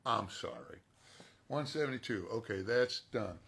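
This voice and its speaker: A man's voice: lowish voice, a little slow, gravelly, fairly bright tone, breathy edge. A male voice actor chatting casually while signing autographs and talking to himself as he works.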